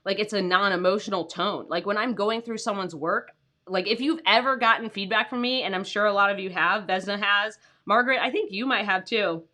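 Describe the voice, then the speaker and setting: A woman's voice: medium pitch, brisk, sharp tone. A woman in her thirties coaching freelance writers on a casual livestream from home, talking loosely with lots of fillers and greeting viewers by name. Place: home, with her dogs nearby.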